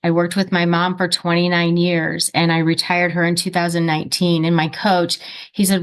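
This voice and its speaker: A woman in her fifties on a group video call, chatting in a lively storytelling manner. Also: lowish voice, normal speed, clear, resonant tone. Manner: chatty storyteller, acts out quoted speech. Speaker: real estate agent on a group call.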